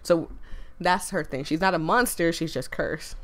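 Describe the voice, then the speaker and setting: A woman's voice: sits low, normal speed, fairly bright tone. A young woman playing through a story game, rambling and giggling as she comments. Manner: chatty, giggly, rambling with lots of "like". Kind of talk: let's-play commentary.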